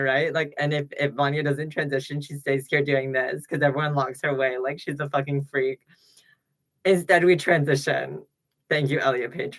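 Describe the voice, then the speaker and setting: Sassy rambling man on a laptop mic. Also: a little high. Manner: rambling, sassy, swings between loud remarks and mutters. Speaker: livestream host. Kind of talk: casual livestream rant. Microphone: laptop built-in mic.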